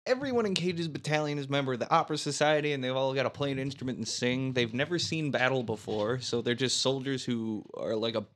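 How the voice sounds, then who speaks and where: A man's voice: medium pitch, quick pace, few pauses, fairly bright tone. A man hosting a casual movie-review chat, laughing often as he recaps the plot.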